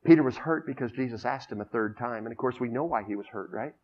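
A pastor with a mid-range voice preaches fast, captured on a dull lo-fi recording. His sermon leans on storytelling, and he asks the congregation for responses.

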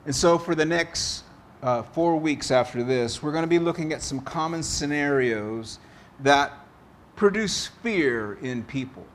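A man preaching a sermon as pastor, slow and deliberate, telling a story to make his point. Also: a little high, animated, a little hiss or hum.

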